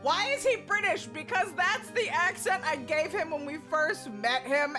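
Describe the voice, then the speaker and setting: A woman's voice: high-pitched, lively intonation, a little slow, hardly any pauses. A young woman streaming a game, chatting casually, giddy and gushing, with occasional swearing. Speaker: let's play streamer. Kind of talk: casual gaming commentary. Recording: game music underneath.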